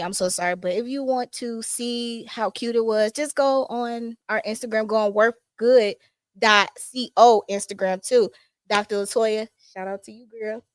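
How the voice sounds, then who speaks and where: A woman hosting a podcast in casual, chatty talk, excitable and full of fillers. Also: on the high side, no room sound. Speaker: podcast host. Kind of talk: casual chat. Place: small studio set.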